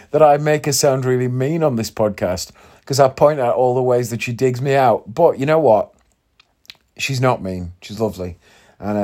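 Man, podcast host, tired and yawny, rambling casual chat, middle-pitched voice. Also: a little mellow. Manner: chatty and rambling, self-deprecating asides. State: tired and yawning.

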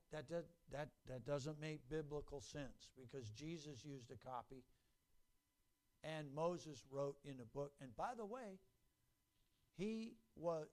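A man preaching a sermon, emphatic and repetitive, building to loud peaks. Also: a little high.

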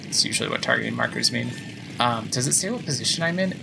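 A man hosting a gaming podcast, chatting excitedly and thinking aloud as he plays. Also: medium pitch, quick pace, gravelly, background noise. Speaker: podcast host playing a video game. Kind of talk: casual let's-play commentary. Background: game music.

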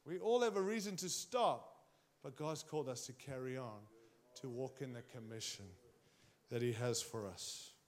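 A man preaching a sermon, speaking emphatically and straight to his congregation, swinging his pitch and volume widely. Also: moderate pace.

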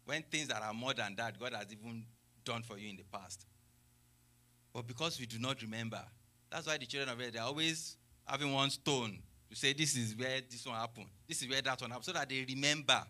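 Bright-voiced preacher man, exclamations of praise. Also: medium pitch, fairly quick. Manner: explains scripture with rhetorical questions and exclamations of praise. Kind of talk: sermon with scripture reading.

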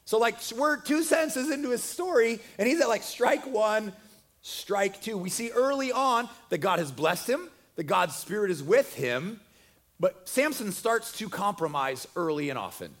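A preacher with a fairly high male voice tells a story in a loose, chatty sermon. He jokes as he goes and keeps the retelling lively and conversational. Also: moderate pace. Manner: joking, conversational, animated retelling.

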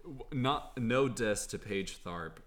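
A man's voice: medium pitch, animated, slow, fairly bright tone. A young man hosting a podcast in casual chat, earnest and grateful toward his guest. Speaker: podcast host.

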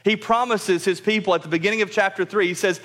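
Man, high-pitched voice, pastor preaching a sermon, emphatic, repeats key phrases, speaks straight to the congregation. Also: fairly even intonation, quick pace, a bit bright. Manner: addresses the congregation directly.

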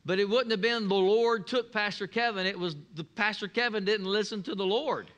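A man's voice: sits high, moderate pace, a bit bright. A male pastor preaching a sermon, telling stories with folksy humor and leading the congregation in call-and-response.

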